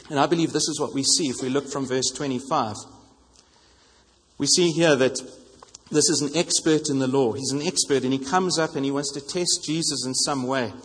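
A man's voice: medium pitch, slightly rough. A man preaching a sermon in an earnest way, repeating phrases for emphasis. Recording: long reverb of a hall.

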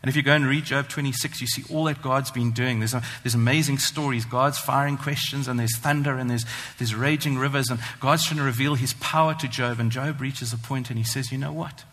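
A man preaching a sermon, earnest and emphatic, slowing down to stress the scripture he reads. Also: medium pitch, fairly even intonation, a bit bright. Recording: long hall reverb.

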